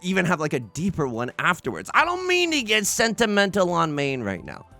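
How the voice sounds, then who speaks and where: A man's voice: high voice, wildly swooping pitch, a little fast, creaky, pushed and bright, faint music behind. A man hosting a let's play from his bedroom, chatting casually and self-deprecatingly while he plays, often talking back to himself. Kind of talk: casual gaming commentary. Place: home bedroom.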